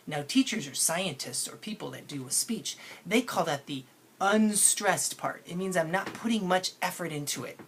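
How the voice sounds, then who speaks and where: A woman's voice: on the low side, expressive, moderate pace, breathy edge. A woman teacher giving a phonics lesson to children, patient and playful, stretching out sounds to show how words are said.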